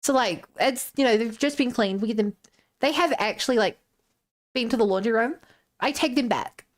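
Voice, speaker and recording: A woman's voice: on the high side, moderate pace. A woman streamer casually retelling a tabletop game session, chatty and loose with lots of filler words.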